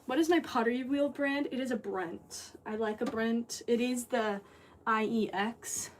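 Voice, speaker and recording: Working in her studio, a potter from the United States rambles casually to viewers on her livestream. She speaks a little slowly in a slightly high voice. The recording has a steady background hum and her voice comes across a bit distant.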